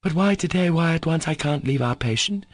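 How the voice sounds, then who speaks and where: A man's voice: fairly high pitch, lively intonation, fairly quick, no echo, studio quality, pitched above the performer's own voice. A man voicing a proud, anguished young woman in an audiobook, who falters and stammers. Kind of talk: audiobook character voice.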